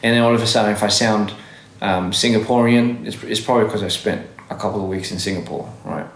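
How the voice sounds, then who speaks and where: A man's voice: lowish voice, steady tone, quick pace, creaky, echoey room. A young man with a faded Australian accent, chatting casually on a livestream while reading comments and often correcting himself. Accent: Australian, worn down by years in Korea and America. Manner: rambling, self-correcting, laughs often. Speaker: livestream host. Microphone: phone livestream mic.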